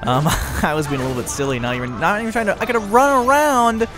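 A young man giving excitable, chatty let's-play commentary, laughing often. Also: sits high, quick pace, over music. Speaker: gaming video host.

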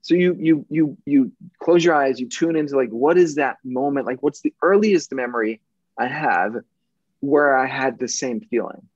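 A man speaking as a podcast guest in casual conversation, emphatic and often profane, shifting between intense and gentle. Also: mid-range voice, normal speed, husky, no echo, lo-fi sound.

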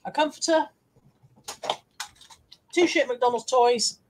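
Speaking slowly in a high-sitting voice, this woman comes through on a very noisy recording. On her relaxed live stream she talks to viewers, reads out what they comment, jokes at her own expense, and curses now and then.

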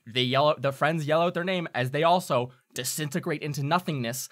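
A man's voice: on the high side, fairly quick, fairly bright tone. A man running a tabletop game as game master, narrating with many fillers.

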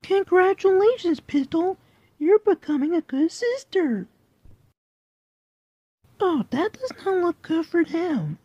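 A woman's voice: very high voice, very animated, slow pace, long pauses, dark tone, no room sound, full character voice. A woman voicing a goofy, rambling male cartoon cat who talks in a jumpy, silly way, heard on a dull lo-fi recording. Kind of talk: cartoon voice acting.

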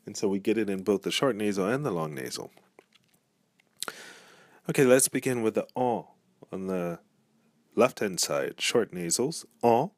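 A man's voice: lowish voice, expressive, normal speed, pauses often, no echo. A man giving a pronunciation lesson, speaking patiently and repeating each example word. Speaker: language teacher. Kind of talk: pronunciation tutorial.

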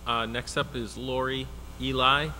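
A man's voice: medium pitch, little pitch movement, unhurried, pushed and bright, a little hiss or hum. A man chairing a town hearing, briefly and matter-of-factly calling up the next speakers. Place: town meeting hall.

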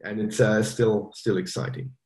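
A man's voice: lowish voice, moderate pace. Man, German accent, casual guest chat, hesitant fillers, echoey room. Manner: relaxed, hesitant with many fillers and restarts. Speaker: guest developer.

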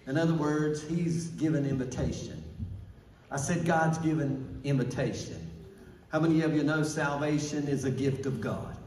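Male pastor, fervent call-and-response sermon, slightly high voice, recorded from a distance in an echoey church. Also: moderate pace, darkish tone, slight background noise. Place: church sanctuary.

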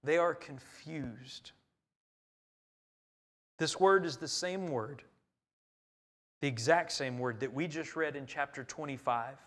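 A man preaching a sermon in a church, earnest and emphatic, swinging between loud and quiet. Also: mid-range voice, takes it slowly, long pauses. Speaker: pastor. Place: church sanctuary.

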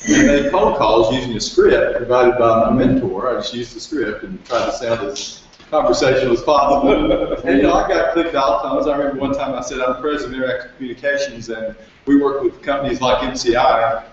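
A man's voice: medium pitch, fairly even intonation, a little fast, slight background noise. A man telling a wry story at a business workshop. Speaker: entrepreneur at a workshop. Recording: echoey room, distant and lo-fi.

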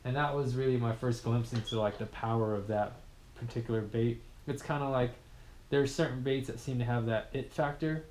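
A man hosting a casual fishing chat, relaxed and slangy, quick to laugh. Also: medium pitch. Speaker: channel host. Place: in a car on the road. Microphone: action camera. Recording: echoey with faint noise.

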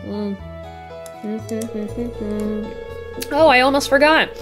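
A woman's voice: on the high side, drawn-out words, over music. A woman reading the lines of a genial older male town mayor in a video game, folksy and welcoming.

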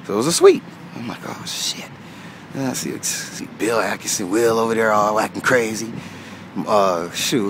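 A middle-aged man telling stories in a casual vlog while walking his old high school track, animated and slangy, laughing often. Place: outdoors at a school track and field. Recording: faint outdoor background noise.

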